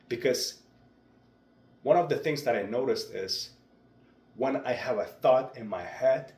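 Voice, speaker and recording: A young man talking through his speaking practice in a vlog, with a deliberate, measured delivery. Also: lowish voice, a little mellow. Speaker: vlogger. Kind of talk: reflective speech-practice vlog. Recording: roomy echo.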